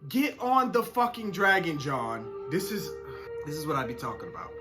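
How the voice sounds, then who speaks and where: A man's voice: on the high side, sing-song, normal speed. A man reacting to a TV episode, ranting at the screen in exasperation and swearing freely. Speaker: reaction channel co-host. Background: show soundtrack music playing.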